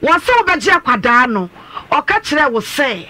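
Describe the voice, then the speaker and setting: Ghanaian man, radio host, questioning callers, very high voice, piercing bright tone. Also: big pitch swings, moderate pace. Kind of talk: radio talk show hosting.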